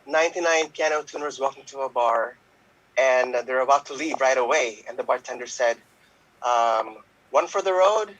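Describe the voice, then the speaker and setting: A man telling jokes as an improv player in a relaxed storytelling manner. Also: medium pitch, moderate pace, dry recording, muffled recording. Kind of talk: casual joke telling.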